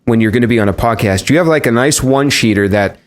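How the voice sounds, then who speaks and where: A man's voice: medium pitch, fast. A man hosting a podcast, introducing his guest and asking questions in a conversational, self-correcting way. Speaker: podcast host.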